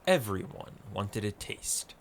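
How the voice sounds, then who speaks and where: A man narrating an audiobook story in a measured, descriptive way. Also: lowish voice, big pitch swings, a little hiss or hum.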